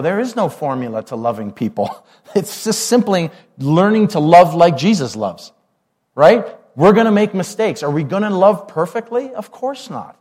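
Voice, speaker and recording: A man's voice: mid-range voice, a little mellow. Pastor, male, chatty sermon delivery with questions to the room. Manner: conversational, asks the congregation questions.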